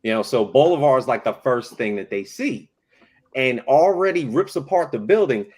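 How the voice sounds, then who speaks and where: A man's voice: mid-range voice, lively intonation, normal speed, a little mellow, slightly rough. A man co-hosting a casual podcast, recapping a cartoon episode with profanity and acting out the characters' lines. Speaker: podcast co-host.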